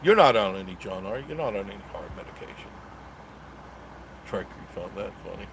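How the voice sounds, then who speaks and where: A man's voice: on the low side, animated, brisk, background noise. A middle-aged man hosting a casual live stream, reading viewer comments aloud and rambling through jokey banter with frequent chuckles.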